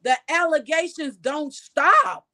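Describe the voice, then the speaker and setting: A woman's voice: high voice, takes it slowly. Outspoken woman scolding officials. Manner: outspoken, scolding, with sharp rhetorical questions. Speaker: local journalist and commentator. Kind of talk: opinionated news commentary.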